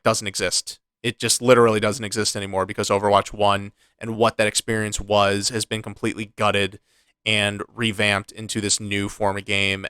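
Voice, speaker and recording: A man co-hosting a casual gaming podcast, ranting in a frustrated, animated way with many restarts. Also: lowish voice, clean tone, dry recording. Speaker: podcast co-host.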